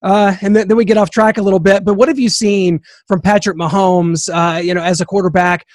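Male interviewer, high voice, filler-heavy questions. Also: fairly even intonation, brisk, dry recording, studio quality. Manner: hesitant, filler-heavy phrasing. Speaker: podcast host.

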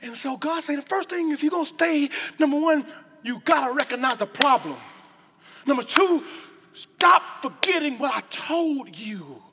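A woman preaching a lively sermon with call-and-response lines, breaking into shouts and joking asides. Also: high voice, moderate pace.

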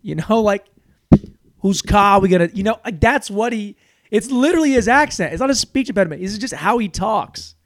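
A man's voice: sits high, lively intonation, fairly quick, dry recording, studio quality. A man hosting a podcast, rambling crudely through a comedic monologue, with cluttered speech where his words tumble together, laughing at his own jokes. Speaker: podcast host. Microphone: studio mic on a stand.

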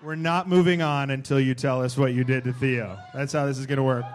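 A man co-hosting a live podcast on a comedy club stage, hyping the audience with loud introductions and teasing his co-host. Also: mid-range voice, steady tone, a little fast.

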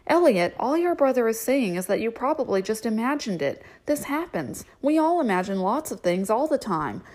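A woman's voice: a little high, sing-song, normal speed, a little mellow. A woman voicing a harried single mother, weary and wry, scolding her children at dinner. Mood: soothing.

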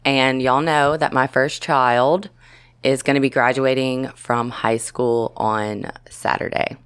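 A woman's voice: extremely low pitch, fairly even intonation, takes it slowly, clear, resonant tone. A woman in her forties hosting a podcast, chatting casually and laughing often. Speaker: podcast host.

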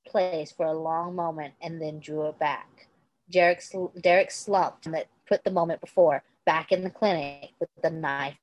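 A woman's voice: fairly low pitch, a little mellow, rough recording. A woman casually reading fan fiction aloud, stumbling and restarting over words. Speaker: reader.

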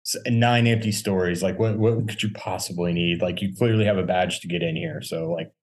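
A man with a fairly low voice chats casually on a podcast. He tells anecdotes with animated, acted-out quotes and laughs often along the way. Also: a little fast. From North Carolina. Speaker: podcast co-host. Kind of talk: casual chat, storytelling.

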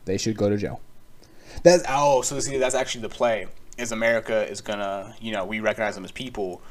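Rambling profane young man, low voice. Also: fairly quick. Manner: rambling, profane, sarcastic, lots of filler words. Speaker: podcast host. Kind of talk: casual solo podcast rant.

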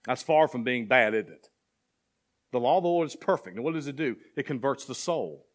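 A man's voice: mid-range voice, animated, brisk. A man preaching a sermon to a church as pastor, asking the congregation questions and building to emphatic passages. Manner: preaching with rising intensity and call-and-response questions.

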